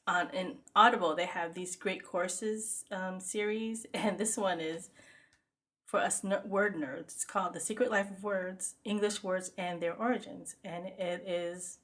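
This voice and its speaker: A woman's voice: on the low side, fairly even intonation, unhurried, a bit bright. A middle-aged woman co-hosting a podcast, telling stories in casual chat and laughing often. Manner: giggly, chatty storyteller. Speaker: podcast co-host.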